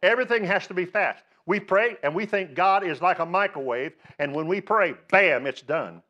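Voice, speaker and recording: A man's voice: high-pitched, fairly quick, fairly bright tone, muffled recording. A male pastor preaching a sermon, emphatic, asking rhetorical questions and rising on the words he stresses.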